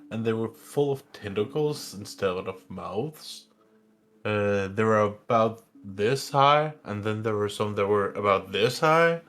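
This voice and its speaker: A man playing a tabletop role-playing game, recapping events in a rambling way. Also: mid-range voice. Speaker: player.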